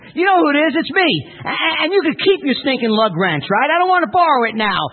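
A preacher acting out an angry, rain-soaked city man who yells at a farmer, heard over a tinny phone-like recording. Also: extremely high pitch, big pitch swings, moderate pace, pitched above the performer's own voice. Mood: furious. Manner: yelling, indignant.

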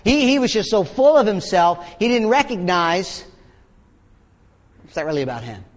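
A man's voice: sits high, very animated, normal speed. A man preaching a sermon as pastor, in a conversational way with sarcastic asides. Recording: long hall reverb.

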